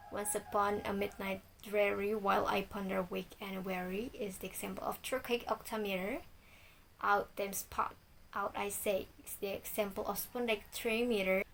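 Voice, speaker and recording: A woman's voice: mid-range voice, vocal fry, slight background noise, poor audio. A young woman, a student, reading her part of a class presentation and reciting lists of examples. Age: young adult.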